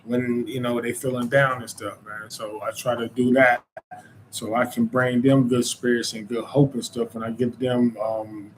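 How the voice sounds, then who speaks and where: A man with a North Carolina Southern accent hosts his own show in a loose, rambling monologue. His voice sits at an ordinary middle pitch and keeps circling back with "you know" and "man". A faint noise hums behind him. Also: level tone, moderate pace, poor audio. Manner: informal Southern speech. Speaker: podcast host. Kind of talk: casual monologue.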